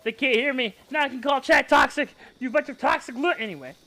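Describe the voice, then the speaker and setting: A young man streaming a game live and bantering loudly with his chat, excitable and quick to yell. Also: very high-pitched. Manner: excitable, yelling at chat, quick mood swings. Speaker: VTuber streamer.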